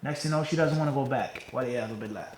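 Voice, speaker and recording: A man teaching an Islamic class and answering questions. He keeps pausing to ask the class "what?" so they fill in the word, and swings from loud emphasis to quiet asides. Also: mid-range voice, slight background noise, poor audio. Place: classroom with a live audience.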